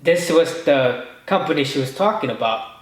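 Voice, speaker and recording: A man's voice: on the high side, lively intonation, normal speed, reverberant, low-quality recording. A man rambling through a personal story in a monologue. He often restarts and quotes himself and others. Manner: rambling, full of restarts and quoted inner speech. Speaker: podcast host.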